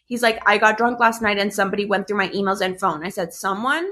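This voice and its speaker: A woman's voice: medium pitch, fast talker, few pauses. Young woman venting a story to friends, tons of "like", swears a lot, casual chat. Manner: animated, swearing, many "like" fillers. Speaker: storyteller recounting a breakup.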